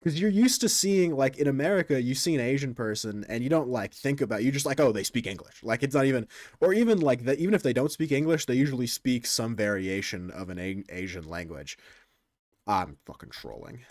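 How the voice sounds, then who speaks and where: This young adult man talks briskly in a mid-range voice, casually addressing the people watching his stream. His talk is rambling and crude, and he often breaks off and starts his sentences over. The sound is studio quality with no room sound.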